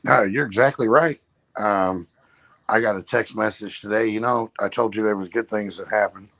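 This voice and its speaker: Low-voiced man chatting as co-host. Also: normal speed, gravelly, fairly bright tone, no room sound. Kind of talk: casual talk-show chat.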